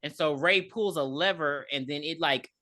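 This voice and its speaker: Woman, podcast co-host, casual chat, blunt retelling, crisp bright tone. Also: low-pitched, moderate pace. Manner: blunt, animated retelling with frequent cursing. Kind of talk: casual chat recapping a movie.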